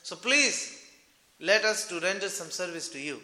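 A man's voice: high voice, expressive, moderate pace, sharp tone, reverberant, long reverb tail, heavily acted. A man voicing a devoted, hospitable father in a story, speaking politely but insistently.

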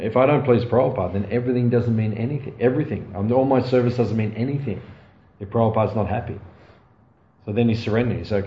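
A man giving a storytelling sermon, laughing often and tagging lines with quick asides to his listeners. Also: fairly low pitch. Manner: anecdotal, laughing often, frequent "right?" asides. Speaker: spiritual teacher. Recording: dull, roomy recording with faint ambient noise.

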